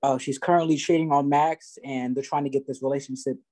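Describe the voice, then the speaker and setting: A man's voice: mid-range voice, steady tone, brisk, dark tone. A teenage boy, a student actor, casually explaining a play's plot on a video call. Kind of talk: describing a play.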